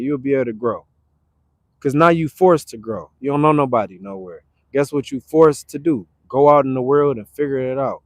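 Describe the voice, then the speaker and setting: A man from Detroit talking casually on a livestream, animated and repetitive, breaking into loud acted retorts. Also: medium pitch, normal speed, dry recording. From Detroit, Michigan. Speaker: livestream host. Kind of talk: casual motivational livestream talk. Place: now staying in Arizona.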